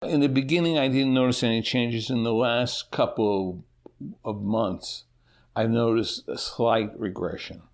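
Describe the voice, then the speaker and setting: A middle-aged man telling his own story candidly in an interview, pausing and restarting often. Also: medium pitch. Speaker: interview guest.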